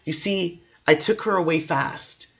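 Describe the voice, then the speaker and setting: A man's voice: fairly high pitch, unhurried, gravelly, sharp tone, slightly rough, muffled recording, full character voice. A man voicing a distraught, drunk Englishman who pleads and talks emphatically, in a storybook reading. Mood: desperate. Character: distraught Englishman, middle-aged, drunk and desperate.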